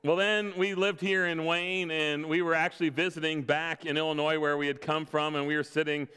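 Youngish pastor guy, kinda high clear voice, funny stories in the sermon, big echoey church hall. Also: little pitch movement, brisk. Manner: storytelling, self-deprecating humor with quiet laughs. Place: church sanctuary. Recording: long reverb of a large hall.

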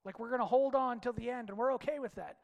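A man preaching a sermon with passion, swinging from loud shouts to hushed low lines. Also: fast, gravelly, long reverb tail, lo-fi sound.

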